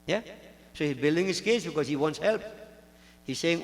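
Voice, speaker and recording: A man's voice: fairly high pitch, expressive, normal speed, long pauses. A man preaching a sermon to devotees, telling a story and repeating key lines for emphasis. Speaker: pandit preaching. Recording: long reverb of a hall.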